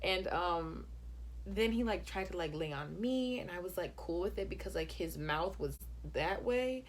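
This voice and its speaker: A woman's voice: on the low side, expressive, unhurried, slight background noise. A young woman telling a casual storytime, chatty and full of "like", acting out what people said. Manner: chatty, heavy use of "like", acts out quotes. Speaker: YouTube storyteller.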